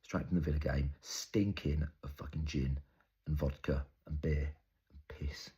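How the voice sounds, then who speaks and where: A young man performing an intense, halting, improvised dramatic monologue. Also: rumbling low, fairly even intonation, mellow, slightly rough. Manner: intense, halting, storytelling with heavy swearing. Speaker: actor.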